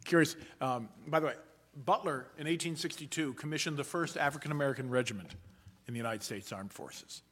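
A man preaching a sermon in a measured, earnest way, slowing down to stress key points. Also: medium pitch, fairly bright tone, slightly rough. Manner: measured, earnest delivery that slows for emphasis.

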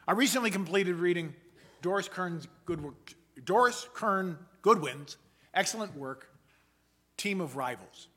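A man preaching a sermon in a measured, earnest way, slowing down to stress key points. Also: a little high, a bit bright. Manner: measured, earnest delivery that slows for emphasis.

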